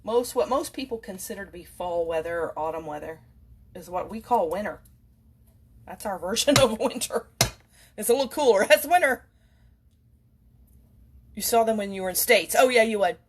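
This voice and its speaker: A woman's voice: expressive, moderate pace, long pauses, slight background noise. A woman hosting a casual home cooking video, chatting and rambling as she bakes. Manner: rambling, talks to her cats in a high playful voice. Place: home kitchen.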